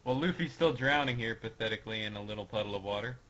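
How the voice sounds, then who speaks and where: A man guesting on a casual podcast, retelling comic scenes in an unhurried, giggly way. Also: lowish voice, fairly bright tone. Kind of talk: casual podcast chat, acting out comic lines. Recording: lo-fi dull audio.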